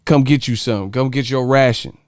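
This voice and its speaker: A man's voice: medium pitch, moderate pace, no room sound, clean studio sound. A man hosting a casual livestream chat, joking with viewers and breaking into sung snippets and movie impressions. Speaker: livestream host.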